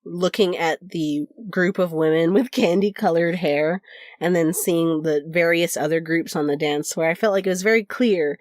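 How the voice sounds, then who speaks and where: A woman's voice: on the low side, normal speed, dry recording, clean studio sound. A woman co-hosting a podcast, casually recounting an anecdote and acting out the quoted voices, laughing often. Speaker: podcast co-host. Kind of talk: casual storytelling chat.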